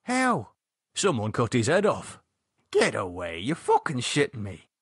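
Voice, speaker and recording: A man voicing an excitable, foul-mouthed young man with a husky voice who swears constantly and bristles with indignation. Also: mid-range voice, a little slow, dry recording, clean studio sound, exaggerated voice. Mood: shocked.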